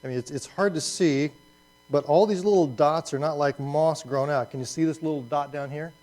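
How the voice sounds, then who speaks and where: Animated, fairly high-voiced male preacher. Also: normal speed, low-quality recording. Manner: animated, repeats words as he restarts. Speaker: pastor. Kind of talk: conversational sermon with slides.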